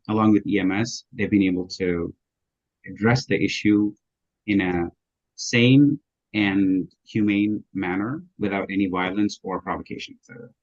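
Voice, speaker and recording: A man speaks at a public hearing in an earnest, halting way, stopping to restart his sentences. His voice sits on the low side. The audio is dull and muffled. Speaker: public witness.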